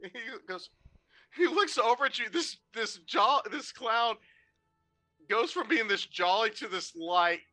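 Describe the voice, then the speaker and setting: A game master narrating a tabletop game in an animated, laughing, loose way. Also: mid-range voice, measured pace, soft background music.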